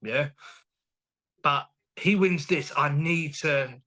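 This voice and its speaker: A man, a boxing promoter chatting as a guest in an interview, animated and quick to laugh. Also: on the high side. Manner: animated, enthusiastic, laughs often, retells dialogue. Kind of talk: casual interview chat.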